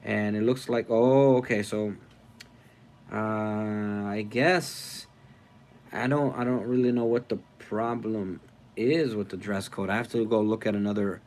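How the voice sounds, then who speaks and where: A man hosting a casual live stream, reading viewer comments aloud, rambling and thinking out loud as he goes. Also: lowish voice, fairly even intonation, a little slow. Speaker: livestream host.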